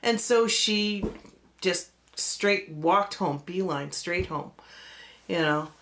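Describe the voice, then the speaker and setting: A woman pastor telling a personal story in a relaxed way, with lots of fillers and acted-out quoted voices. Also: lowish voice, slow pace.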